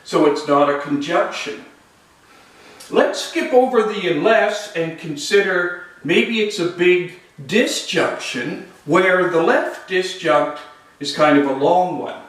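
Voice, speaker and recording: Slow, lively-voiced man lecturing in an echoey room. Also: sits high. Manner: slow, deliberate, lively rising and falling intonation. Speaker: logic instructor. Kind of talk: recorded lecture. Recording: echoey room, voice far from mic.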